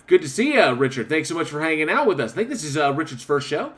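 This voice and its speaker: A man's voice: on the high side, big pitch swings, fast talker, a bit bright. A man hosting a casual podcast, reading viewer comments aloud with frequent laughter. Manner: reads chat comments aloud, laughs often. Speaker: podcast host. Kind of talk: casual chat.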